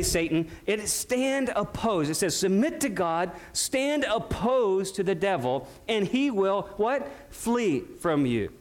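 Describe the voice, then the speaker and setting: A male pastor preaching a sermon, emphatic and full of rhetorical questions to his congregation. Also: sits high.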